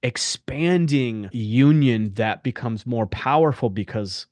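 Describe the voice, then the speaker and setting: A man hosting a candid podcast conversation, speaking with passionate conviction and blunt, unfiltered words. His voice sits at a middling pitch and sounds dry and close, with no room around it. He talks like a coach pushing his listeners. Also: slow pace, darkish tone, no echo. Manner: passionate, blunt, swears freely. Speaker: podcast host and men's coach.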